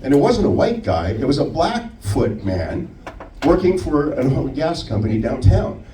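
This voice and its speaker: A male stand-up comedian works the room with a lively, swooping delivery. His voice sounds roomy and a little distant, picked up from across the club, with faint room noise behind. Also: fairly high pitch, normal speed. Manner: animated storytelling with put-on voices.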